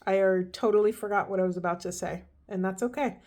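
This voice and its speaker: A woman's voice: medium pitch, steady tone, fast talker, a little mellow. A woman giving an earnest, emotional spiritual card reading, speaking directly to her viewers. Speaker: tarot and oracle card reader.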